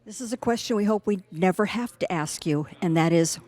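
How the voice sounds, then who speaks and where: A woman's voice: medium pitch, brisk, dark tone. A woman interviewing a guest in an earnest, conversational way. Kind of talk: interview questions.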